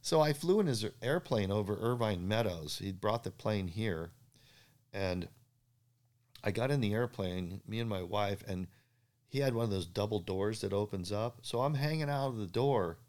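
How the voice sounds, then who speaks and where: A man, a surfboard craftsman, telling animated stories in an interview, acting out the dialogue and laughing at his own jokes. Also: fairly low pitch, normal speed. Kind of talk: storytelling in a podcast interview.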